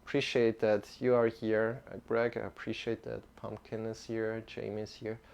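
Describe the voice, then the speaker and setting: A man leading a live-streamed yoga lesson, calm and halting, with many restarts. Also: lowish voice, vocal fry. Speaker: yoga teacher.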